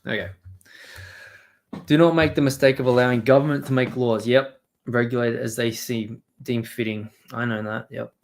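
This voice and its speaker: Guy, live streamer, swearing, rambling, chatting with viewers, mid-pitched voice. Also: fairly even intonation, moderate pace, creaky. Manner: rambling, profane, talks to chat. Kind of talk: casual live-stream commentary.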